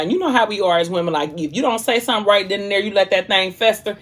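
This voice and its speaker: A woman's voice: mid-range voice, fast talker, hardly any pauses. A young woman vlogger casually retelling a book in a chatty, slangy way while she eats. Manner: chatty, slangy storytelling, eating between lines. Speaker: vlog host.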